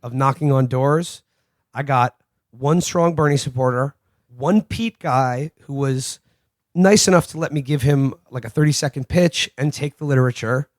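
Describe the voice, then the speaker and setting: A man's voice: medium pitch, normal speed, no room sound, studio quality. Profane, rambling male podcast host. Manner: profane, rambling with repeated restarts. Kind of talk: casual chat, storytelling anecdotes.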